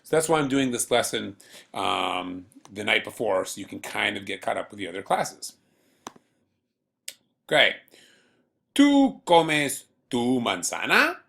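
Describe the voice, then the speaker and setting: A man teaching a beginner Spanish lesson to students at home, speaking patiently and slowly and repeating words for learners. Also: lowish voice, creaky, pushed and bright. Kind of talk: recorded remote classroom lesson.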